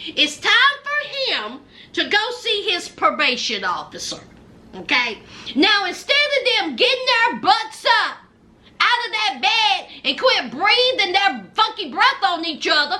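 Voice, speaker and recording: A woman with a very high, bright, forceful voice recaps a reality show in casual chat. She's sassy and slangy, speaking straight to the people on screen and calling her viewers y'all.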